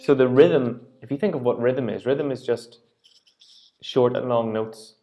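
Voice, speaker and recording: A man's voice: mid-range voice, measured pace, mellow, dull audio, soft background music. A man teaching a singing lesson, patiently explaining rhythm and singing short phrases to demonstrate.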